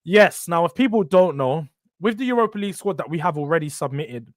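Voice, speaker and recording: A man's voice: a little high, animated, brisk, no room sound, studio quality. A young man hosting a live football stream, ranting animatedly with slang and swearing. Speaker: football channel host.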